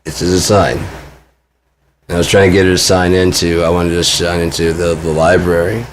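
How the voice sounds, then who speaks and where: A man's voice: deep voice, flat delivery, normal speed, a little hiss or hum. A man in his forties venting to camera in a rambling, profane monologue, full of "I'm like" asides. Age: 40s. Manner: agitated, profane, heavy use of "I'm like". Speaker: vlogger.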